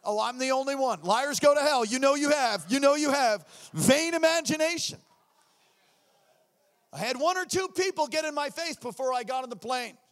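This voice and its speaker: A man preaching a sermon, telling his story with acted-out voices and shouts. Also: very high-pitched, moderate pace. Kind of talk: sermon testimony.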